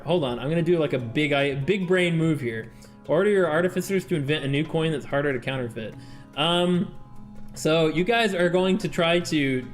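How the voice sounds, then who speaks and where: A streamer chatting casually with viewers during a game, laughing often and reading game text aloud. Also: mid-range voice. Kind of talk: casual live-stream gameplay chat.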